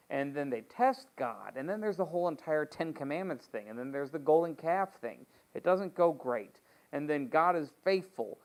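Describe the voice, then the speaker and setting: A man leading a Bible study as pastor, reading scripture and retelling the story in a joking, conversational way with playful asides. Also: fairly high pitch.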